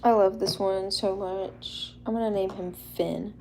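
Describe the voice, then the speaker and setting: Young woman, gravelly fry, shy and bubbly livestream host, faint room hiss behind. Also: mid-range voice, steady tone, measured pace, dark tone. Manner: bubbly and a little shy, laughs often. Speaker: livestream host showing custom toy figures. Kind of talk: casual livestream chat.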